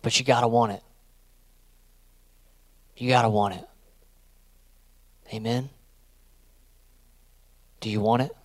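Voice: medium pitch, steady tone, slow pace, pauses often, no echo. A youth pastor giving a casual sermon, urging listeners on in rhythmic, repeated phrases.

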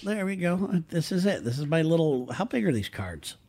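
Joking, higher-voiced man chatting casually. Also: big pitch swings, normal speed, a little mellow, a little hiss or hum. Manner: joking, rambling storyteller. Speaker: podcast co-host. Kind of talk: casual chat.

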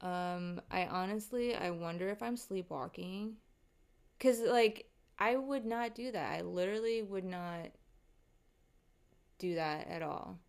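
A woman vlogger telling a casual story to her viewers, animated and rattled, swearing often. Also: lowish voice, takes it slowly, creaky.

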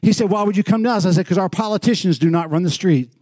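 Pastor guy preaching, pretty high voice, dry close sound, gets loud then goes quiet. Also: fast, no echo. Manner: animated, swings from shouting to hushed. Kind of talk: sermon storytelling.

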